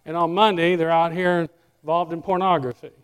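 A male pastor preaching a sermon in a church, animated and speaking directly to members of the congregation by name. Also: on the high side, brisk, clean tone, long reverb tail.

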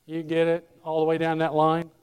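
High-voiced preacher in a reverberant hall. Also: male voice, normal speed, smooth. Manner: animated preaching, addresses congregation members by name. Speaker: pastor. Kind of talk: sermon. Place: church.

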